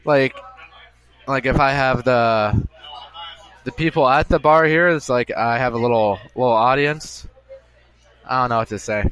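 Man, casual podcast host, chatty, self-amused, bright tense tone. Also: medium pitch, unhurried, long pauses, clean tone. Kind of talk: casual rambling monologue. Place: bar.

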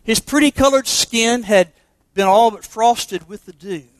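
A pastor preaching a sermon to confirmation students, emphatic and asking rhetorical questions. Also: male voice, sits high, measured pace, no room sound.

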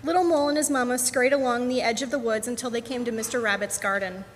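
A woman reading a picture book aloud to children at a worship service, gentle and unhurried. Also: fairly high pitch, fairly even intonation. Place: church sanctuary. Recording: echoey sanctuary, faint hum.

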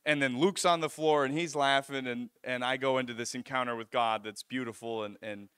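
A young man preaching, telling a personal story in an animated way, often stopping short and restarting his sentences. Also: medium pitch, fairly quick, smooth, no room sound, studio quality. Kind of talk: personal testimony in a sermon.

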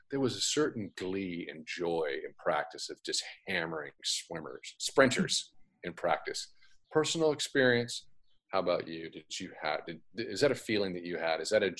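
Low-voiced man hosting a podcast. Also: animated, normal speed, fairly bright tone. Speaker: podcast host. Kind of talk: casual interview.

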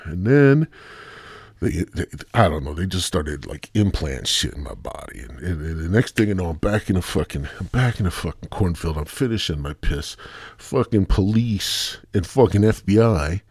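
A Midwestern man hosts his podcast with a rambling, profane comic monologue. His voice is low, husky and gravelly, and his pitch swings widely. The recording is dry and close. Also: very animated, normal speed, a little mellow, dry recording. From American Midwest. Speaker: podcast host.

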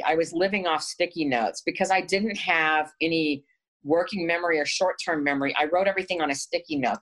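A woman's voice: on the low side, low-quality recording. A woman being interviewed, telling a personal story in a frank, earnest way with wry asides. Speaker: interview guest.

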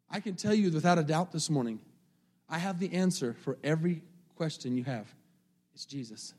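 Preacher with a higher-pitched voice. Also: male voice, a little mellow. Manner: preaching with rising, drawn-out emphasis on scripture; conversational asides with the congregation. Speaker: pastor. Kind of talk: sermon.

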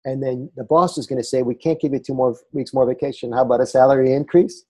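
Mellow-voiced enthusiastic male host. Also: mid-range voice, fairly even intonation, quick pace, a little hiss or hum. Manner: enthusiastic, jokey. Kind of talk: conversational interview.

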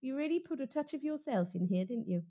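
A woman's voice: high voice, animated, fast, dark tone. A woman hosting a comic podcast, gushing and mock-earnest as a fawning interviewer. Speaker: podcast host.

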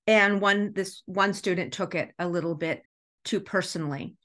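Expressive woman with a low voice. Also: normal speed. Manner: animated, acts out dialogue while telling stories; emotional, laughs easily. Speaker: executive director of a school. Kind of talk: storytelling in a podcast interview.

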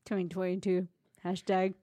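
A woman's voice: on the low side, completely flat delivery, normal speed, mellow, no echo. A young woman co-hosting a podcast in casual chat, playful and argumentative. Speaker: podcast co-host.

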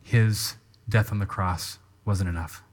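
A man preaching a sermon as pastor, teaching in an animated way and calling people up to act out an example. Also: lowish voice, takes it slowly. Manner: animated teaching with live demonstration.

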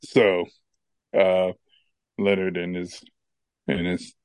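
A man co-hosting a podcast, telling stories in a casual, animated way and laughing often. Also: low voice, slow pace, clear, resonant tone, dry recording, clean studio sound. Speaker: podcast co-host. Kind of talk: casual chat and storytelling.

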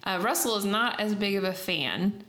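A woman's voice: medium pitch, animated, normal speed, a bit bright. A woman co-hosting a podcast in casual chat, candid, self-deprecating and gushing. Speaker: podcast co-host. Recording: echoey room.

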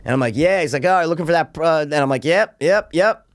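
A man's voice: on the high side, very fast. A young man on a podcast telling a rambling, profane story in casual chat, acting out the voices of the people in it. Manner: rambling, swears a lot, acts out quoted voices.

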